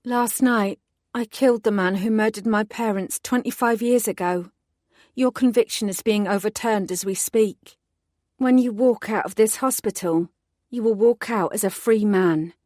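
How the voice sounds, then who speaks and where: A woman performs a young female detective in an audiobook, lightly acting the part and raising her pitch above her natural voice, giving the character a firm, earnest tone. Her mid-range voice is slightly mellow at a normal speed, captured in studio quality without echo.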